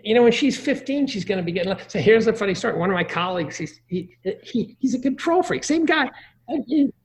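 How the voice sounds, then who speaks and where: A man's voice: high-pitched, animated, fairly quick. A middle-aged man giving crude, joking parenting advice in a casual conversation.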